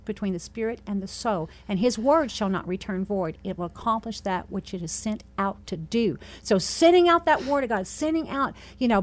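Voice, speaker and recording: A woman preaching a sermon, retelling scripture with animated asides and laughs. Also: mid-range voice.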